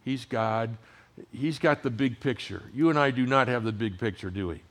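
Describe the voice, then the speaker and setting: A man in his sixties, a pastor giving a sermon in a conversational storytelling way, his voice dropping to hushed tones and rising again. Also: mid-range voice, normal speed. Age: 60s.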